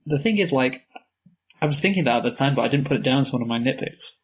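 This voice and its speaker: A man's voice: mid-range voice, lively intonation, fast talker, a bit bright, a little hiss or hum, rough recording. A man co-hosting a casual film review podcast, chatty and agreeable, peppering his talk with "like". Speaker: movie review podcast co-host.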